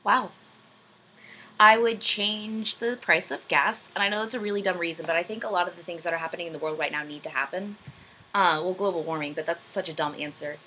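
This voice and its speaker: A woman's voice: fairly low pitch, steady tone, fairly quick, bright, forceful tone, a little hiss or hum, low-quality recording. A young woman vlogger answering viewer questions in casual chat, rambling and self-deprecating, with many ums. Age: young adult. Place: room at home, backlit.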